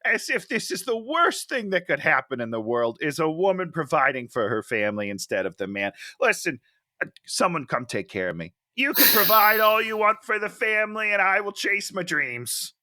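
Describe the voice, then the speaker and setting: A man with a high, bright voice riffs sarcastically on a bad comedy and bursts into character voices to mock its lines. His pitch swings widely as he talks. The sound is dry and close, with no room around it. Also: big pitch swings, moderate pace, no echo. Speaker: podcast co-host. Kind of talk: casual comedic movie review chat.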